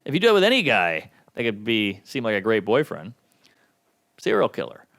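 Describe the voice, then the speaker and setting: A man doing a stand-up comedy set with a wry, self-deprecating delivery, swinging between low mutters and sudden high outbursts. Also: wildly swooping pitch, moderate pace, vocal fry, fairly bright tone. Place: comedy stage before a laughing audience.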